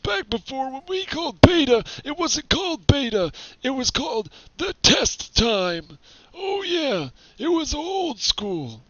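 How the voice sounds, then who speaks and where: A man's voice: very high-pitched, big pitch swings, a little slow, fairly bright tone, no room sound, muffled recording, heavily acted. A man voicing a grumpy old male robot war veteran in a rambling, grumbling old-timer manner while streaming a game.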